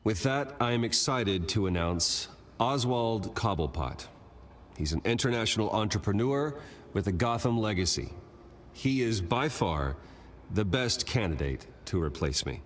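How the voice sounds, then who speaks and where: A man's voice: lowish voice, expressive, a little slow, far from the mic, a little hiss or hum. An actor voicing a stoic young male billionaire heir in a video game, who speaks in a restrained, grave way. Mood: formal.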